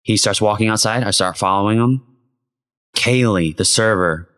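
A man's voice: moderate pace, fairly bright tone. A young man co-hosting a podcast, telling stories in casual chat and swearing freely. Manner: swears a lot, tells stories in a low drawl. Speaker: podcast co-host.

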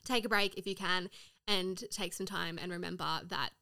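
A woman's voice: lowish voice, fairly even intonation, moderate pace, gravelly, bright, forceful tone. A woman in her twenties hosting a casual solo podcast, chatty and swearing freely. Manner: chatty, frequent swearing and fillers. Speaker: podcast host.

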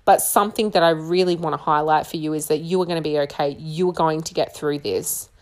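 A woman's voice: low-pitched, steady tone, fairly quick. A young woman talking earnestly and encouragingly, giving personal advice in a conversational way. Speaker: single mother sharing advice. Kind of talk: personal advice talk to camera.

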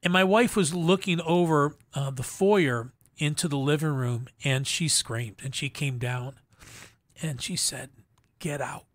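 A middle-aged man telling his personal testimony as an interview guest, in an earnest, halting way with frequent restarts. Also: a little high, dry recording. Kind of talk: emotional personal story in a faith interview.

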